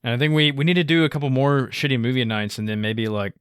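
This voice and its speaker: A man co-hosting a casual movie-review podcast, laid-back and halting, laughing along. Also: mid-range voice, fairly even intonation, fairly bright tone, clear, resonant tone, no echo, clean studio sound. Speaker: podcast co-host.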